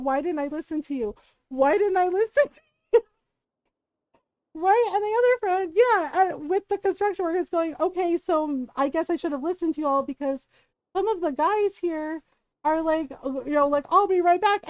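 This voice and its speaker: A woman's voice: very high-pitched, dry recording. A woman streamer chatting casually while gaming, animatedly retelling a story, acting out quotes and laughing often.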